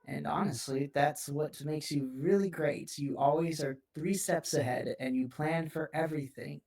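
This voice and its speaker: A game master voicing a gentle, reassuring aunt who mothers a younger man in a tabletop game. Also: mid-range voice, sing-song, slow. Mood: gentle, soothing. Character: warm motherly aunt, older woman. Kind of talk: tabletop role-play character voice.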